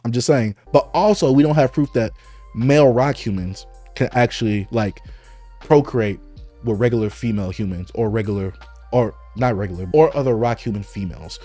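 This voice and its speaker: A man hosting a casual live read-along, thinking aloud and jumping excitedly into speculation. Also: medium pitch, moderate pace, soft background music. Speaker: host reading comics aloud.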